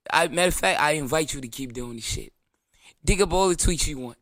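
A man's voice: on the high side, fairly quick, a bit bright, dry recording, clean studio sound. A man with a New York accent hosting his own show, delivering a brash, profane, defiant rant and mocking his critics in whiny voices. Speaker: show host. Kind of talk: ranting monologue.

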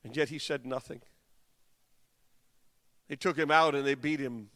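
A man preaching a dramatic sermon, swinging from hushed passages to impassioned cries. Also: medium pitch, steady tone, a little slow, in a large hall.

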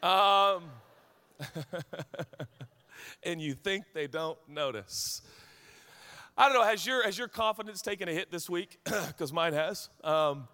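Pastor, man in his forties, preaching with candid, chatty stories; bright, slightly high voice carrying through a reverberant hall. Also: clean tone. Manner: candid, conversational storytelling. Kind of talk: sermon. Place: large hall with congregation.

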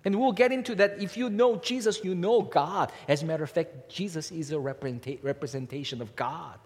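A man preaching a sermon, emphatic and repetitive, his pitch rising and falling as he drives points home. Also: a little fast, darkish tone. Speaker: pastor. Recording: long hall reverb.

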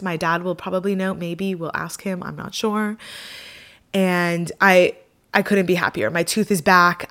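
A woman's voice: on the low side, a bit bright. A young woman telling a travel story to her camera in a casual vlog, chatty and self-deprecating with lots of fillers. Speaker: vlogger.

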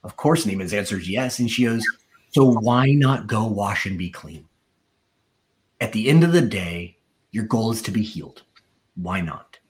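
A man's voice: expressive, normal speed, pauses often, a little hiss or hum. A man telling his own story in a sermon, acting out the quoted voices as he goes. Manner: storytelling, acts out quoted voices with rising pitch. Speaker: preacher giving testimony. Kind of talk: sermon testimony.

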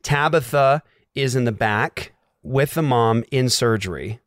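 A man sharing a personal faith testimony, acting out the dialogue and dropping to a hush at tense moments. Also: mid-range voice, unhurried, no echo, clean studio sound. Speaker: guest telling a personal story.

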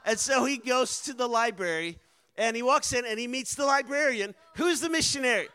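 A man telling a story from the mission field with animated energy, building to loud, emphatic peaks. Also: very high voice, moderate pace, clean tone. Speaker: missionary speaker. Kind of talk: storytelling sermon.

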